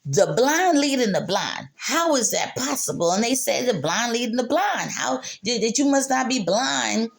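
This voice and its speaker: A woman's voice: a little high, very animated, normal speed, creaky, hardly any pauses. Mother, candid faith monologue; emotional, repetitive, laughs through tears. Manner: spiritual, speaks of God and faith. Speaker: mother sharing her story.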